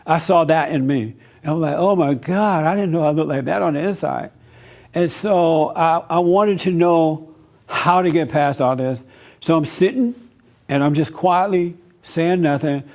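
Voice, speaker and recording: A man's voice: a little high, a little mellow. A man leading a church meeting, telling a personal testimony and teaching in a casual, conversational way, often asking the audience if it makes sense. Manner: casual speech with fillers. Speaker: pastor.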